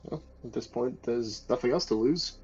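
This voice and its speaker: A man playing a tabletop game, brisk and matter-of-fact about the plan. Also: mid-range voice, darkish tone, muffled recording, slight background noise. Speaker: player. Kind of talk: casual game chat.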